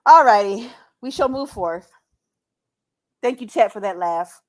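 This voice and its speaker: A woman's voice: mid-range voice, animated, a little slow. A young woman co-hosting a casual podcast chat, giggly and exclamatory, steering between topics. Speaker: podcast co-host.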